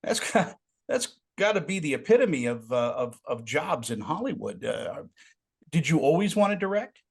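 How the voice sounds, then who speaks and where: A man's voice: a little high, big pitch swings, moderate pace, creaky, breathy edge. A man hosting an interview, asking questions in an enthusiastic, complimentary way. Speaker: interviewer host.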